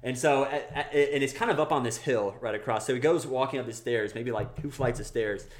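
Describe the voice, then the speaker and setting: A young man on a podcast, telling a story casually and acting out the people in it. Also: a little fast. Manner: animated, acts out quoted people in a high voice. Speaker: podcast co-host.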